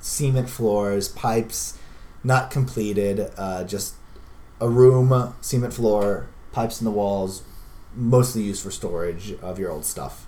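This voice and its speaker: A man's voice: on the low side, slow pace, dark tone. A man narrating as game master of a tabletop role-playing game, rambling with many fillers and restarts.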